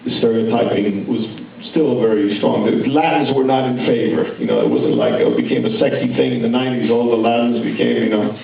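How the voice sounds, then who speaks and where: A gravelly-voiced man in his fifties tells a rambling, conversational story with many restarts, heard from a distance in a big echoing hall. The sound is dull and a little muffled, with a faint hum of the room behind him. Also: mid-range voice, lively intonation, brisk, hardly any pauses. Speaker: conference speaker, actor. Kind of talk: speech at a university conference. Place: large hall with audience.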